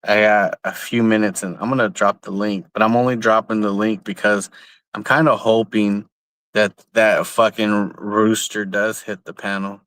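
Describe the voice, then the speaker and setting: A young man from San Jose, California, rants on a casual livestream in a lowish voice. He is blunt and profane and keeps repeating his points. The sound is dry and close, with almost no room echo. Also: level tone, moderate pace, a bit bright, clean tone. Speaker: livestream host. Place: outdoors.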